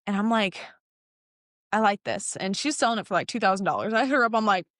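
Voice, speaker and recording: A young woman in mid-story, chatty and animated, with laughs that keep breaking in. She acts out what each person said as she tells it. Her voice sits at an ordinary middle pitch and sounds close and dry, with no room around it. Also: quick pace, no echo. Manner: animated, laughs often, acts out quoted lines. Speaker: guest telling her car story. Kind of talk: casual storytelling chat.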